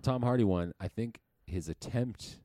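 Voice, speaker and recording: Dark, very deep-voiced man chatting casually. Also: dry recording, clean studio sound. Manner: laid-back, swearing, quick to agree. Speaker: podcast co-host. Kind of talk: casual movie chat.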